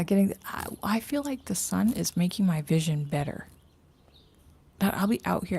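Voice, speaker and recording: A woman chats casually to her livestream viewers from outdoors. Her voice sits low and gravelly, with a mellow, dark tone. She rambles freely and often slips into breathy whispered asides. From Canada. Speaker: livestream host. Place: outdoors in morning sun.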